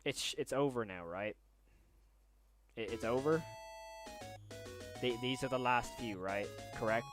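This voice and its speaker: A man live streaming, stunned and repeating himself in disbelief, swinging between loud outbursts and low muttering. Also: unhurried, over music. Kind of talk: live stream reaction to chat.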